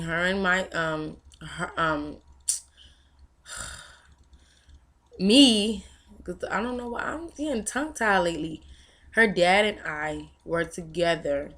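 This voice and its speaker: A woman's voice: low-pitched, fairly bright tone. A young woman vlogger telling a personal story candidly and emotionally, with frequent fillers. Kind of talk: personal testimony vlog.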